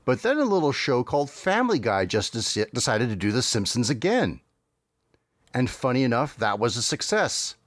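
A man's voice: medium pitch, big pitch swings, normal speed, dry recording. A man hosting a podcast, recapping a cartoon episode in a dry, wry way with frequent hesitations. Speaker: podcast host.

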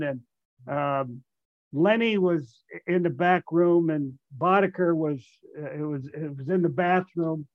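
A man's voice: on the high side, dry recording, muffled recording. Older man telling a prank story. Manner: rambling, self-amused, restarts and fillers, acts out voices in quotes. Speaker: guest, retired baseball player. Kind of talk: storytelling anecdote.

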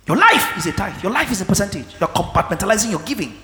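A male preacher delivering a sermon, dropping to low murmurs and then breaking into shouts. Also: big pitch swings, racing, a crowd in the background. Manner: fiery, swings between low murmurs and shouting. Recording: echoey hall.

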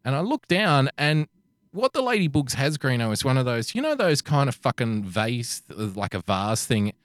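A man's voice: mid-range voice, big pitch swings, moderate pace, no echo, clean studio sound. A man telling a story in casual chat, swearing and acting out the people he quotes.

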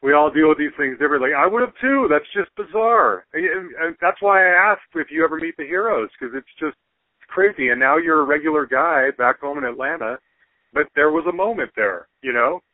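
A man's voice: a little high, expressive, no echo. Man host chiming in on a phone line. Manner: supportive, quick agreeing interjections. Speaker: podcast host. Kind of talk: casual chat.

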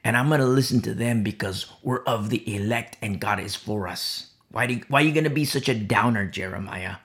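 A man's voice: fairly low pitch, a little fast, a bit bright, voice pushed down. A man putting on the taunting voice of a mocking crowd that sneers at a prophet with rhetorical questions. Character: scoffing men of Judah mocking a prophet.

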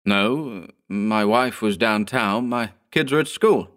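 A man's voice: lowish voice, takes it slowly. A man voicing a frantic, panicked shopkeeper. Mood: shaken, pleading. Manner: frantic, pleading, shouting. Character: panicked middle-aged male TV shop owner.

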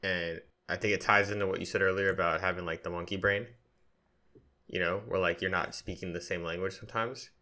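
A man co-hosting a podcast, chatting in a relaxed, self-deprecating way. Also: sits low, fairly quick. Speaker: podcast co-host. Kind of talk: casual podcast chat.

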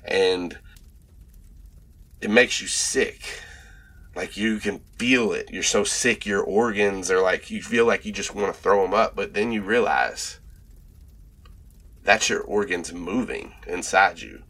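A man narrating a tabletop horror game as game master, describing a transformation slowly with many fillers and pauses. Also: deep voice, fairly bright tone.

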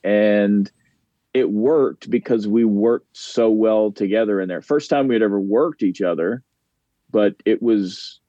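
A man with a low, warm, mellow voice talks loosely as a podcast guest, drifting through stories about fellow wrestlers. The sound is dry and slightly dull, like a lo-fi remote recording. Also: unhurried, no echo. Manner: rambling, laughs easily, name-drops peers. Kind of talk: casual podcast chat.

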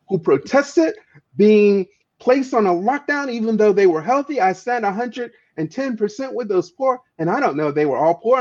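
A man with a high, slightly mellow voice speaks as an activist guest. Telling a story with passion in conversation, he is emphatic and often stammers, repeating words. The sound is dull lo-fi.

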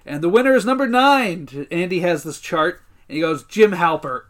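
Brief: male podcast co-host retelling episodes in a lively, casual way. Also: sits high, moderate pace. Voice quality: lively storyteller, acts out quotes, swears casually. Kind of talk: casual recap chat.

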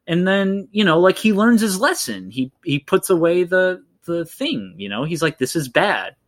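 A man's voice: high-pitched, sing-song, normal speed. Rambling man chatting about movies. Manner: rambling, heavy with fillers like "like" and "you know". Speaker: podcast co-host. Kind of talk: casual film discussion.

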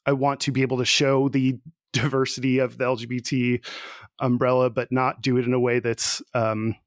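A man's voice: medium pitch, level tone, moderate pace, no room sound, clean studio sound. A man hosting a podcast in casual chat, rambling and searching for words with many fillers. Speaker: podcast host.

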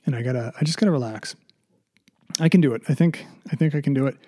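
Quick and dark-toned, a mid-range male voice carries this casual solo podcast. The middle-aged host is nervous and sarcastic, sighing as he rambles, frequently restarting and swearing freely.

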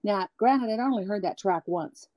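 A woman being interviewed as a guest singer, talking candidly and at length, animated, acting out the people she quotes. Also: mid-range voice, normal speed, dry recording. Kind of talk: candid storytelling chat.

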